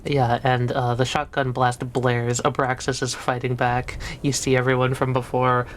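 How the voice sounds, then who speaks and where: Woman gm with a low voice, laid back, lots of ums and likes, slight hiss on the line. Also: moderate pace. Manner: relaxed, filler-heavy description. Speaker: game master. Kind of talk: narrating a tabletop game.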